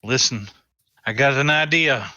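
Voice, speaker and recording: A man's voice: mid-range voice, unhurried, bright, forceful tone, dry recording, studio quality. A man talking as a player in a tabletop game, brash and swearing casually.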